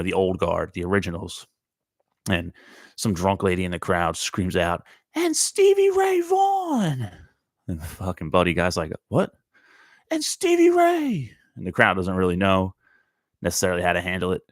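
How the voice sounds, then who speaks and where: A man's voice: sits low, no room sound, studio quality. A man hosting his own podcast, telling a story in a laid-back, rambling way, with frequent profanity. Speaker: podcast host. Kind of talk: casual storytelling monologue.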